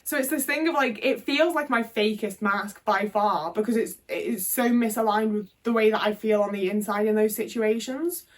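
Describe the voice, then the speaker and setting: A British woman speaks frankly to her phone in a loose, rambling monologue, swearing freely and leaning on fillers. Her voice sits a little high for a woman. The phone mic picks her up from a slight distance. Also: normal speed, few pauses. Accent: British English. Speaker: vlogger. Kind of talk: candid casual monologue. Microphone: phone camera.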